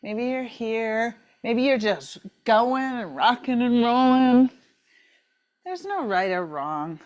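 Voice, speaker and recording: Breathless woman leading a gentle yoga class. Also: a little high, slow, muffled recording. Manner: encouraging, relaxed, repeats "right?" and "maybe you're here". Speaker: yoga instructor. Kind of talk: guided yoga class instruction.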